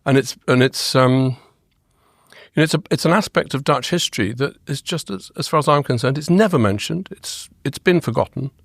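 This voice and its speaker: A man's voice: mid-range voice, fairly quick, gravelly, fairly bright tone, no echo, clean studio sound. A man being interviewed as an art historian, talking eagerly in long, rambling answers full of restarts. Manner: enthusiastic, rambling with frequent restarts. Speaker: guest, art historian and author. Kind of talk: conversational interview.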